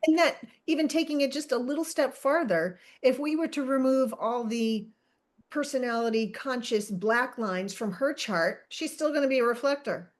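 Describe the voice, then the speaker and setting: A woman with a high-sitting voice co-hosts a podcast at a moderate pace in casual conversation. She's chatty, laughs often, interrupts herself and wanders off track.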